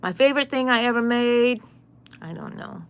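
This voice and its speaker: A woman's voice: a little high, animated, moderate pace, clean tone. A middle-aged woman chatting casually on a live stream, reading and answering viewer comments. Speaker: crochet channel host.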